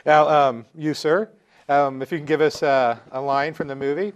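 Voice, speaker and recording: A man's voice: on the high side, fairly even intonation, normal speed, smooth. A man hosting a casual panel interview, joking around and rambling with restarts. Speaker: host.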